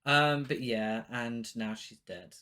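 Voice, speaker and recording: A man on a podcast talks through a film's plot in a loose, joking way. His voice is bright and forward, and he drops in swear words and dry asides at an even, middle pitch. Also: takes it slowly, clear, resonant tone. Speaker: podcast co-host. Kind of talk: casual film review chat.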